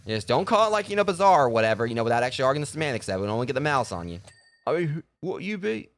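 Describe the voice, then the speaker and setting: In casual gameplay commentary, a man rattles on rapid-fire about the video game he's streaming, full of filler words and false starts. His voice is medium-pitched and expressive.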